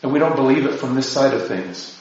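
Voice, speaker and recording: A man's voice: medium pitch, animated, a little fast, darkish tone, a little hiss or hum. A man giving an informal spiritual talk to his parish, rambling and self-deprecating, full of asides. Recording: distant mic, very echoey, dull lo-fi sound.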